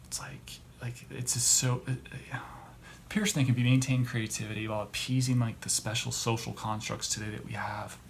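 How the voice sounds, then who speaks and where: A man hosting a podcast who rants in a casual comedic way, rambling and halting with many restarts. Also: medium pitch, little pitch movement, vocal fry, slight background noise. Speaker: podcast host.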